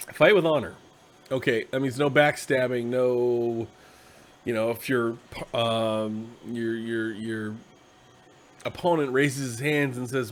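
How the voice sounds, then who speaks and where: A tired man hosting a casual, rambling explanation of a tabletop game class, slipping into quick acted asides. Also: mid-range voice. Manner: conversational, acts out quick quoted asides. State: tired, yawning.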